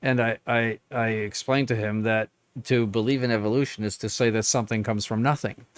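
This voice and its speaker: A man's voice: fairly low pitch, steady tone, a little fast, clear, resonant tone, dry recording. An older man, a bishop, answering viewer questions on a live stream in a blunt, emphatic, plain-spoken way.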